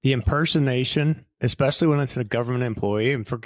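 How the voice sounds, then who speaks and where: A man's voice: medium pitch, quick pace, no echo, studio quality. A man in his fifties co-hosting a casual podcast, wry and easygoing, often trailing off and restarting his sentences. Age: 50s. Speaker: podcast co-host, financial advisor. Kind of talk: casual conversational podcast chat.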